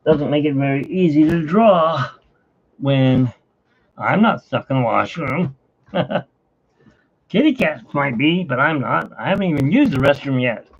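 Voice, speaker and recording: A middle-aged man with hiccups chatting casually at home while drawing, rambling and animated, his pitch jumping up when he gets excited. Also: unhurried, pauses often, husky. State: has hiccups. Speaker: artist and channel host. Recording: dull lo-fi home recording.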